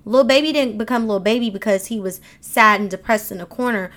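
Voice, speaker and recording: Woman, AAVE, motivational podcast host; emphatic, animated delivery. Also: on the high side, brisk. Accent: African American Vernacular English. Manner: emphatic, animated, speaks with slang. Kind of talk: motivational monologue.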